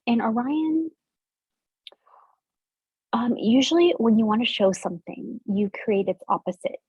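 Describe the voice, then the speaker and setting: A woman author chatting over a video call, bubbly and rambling, breaking into laughs often. Her voice is husky and airy, and the sound is close and dry. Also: on the high side, lively intonation, unhurried, darkish tone, no room sound. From United States. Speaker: author guest. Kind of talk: casual interview chat.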